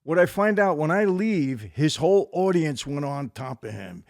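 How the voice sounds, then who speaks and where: A man's voice: a little high, lively intonation, creaky, no echo. Matter-of-fact male co-host, dry sound. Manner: quick, emphatic agreement, matter-of-fact storytelling. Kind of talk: casual talk chat.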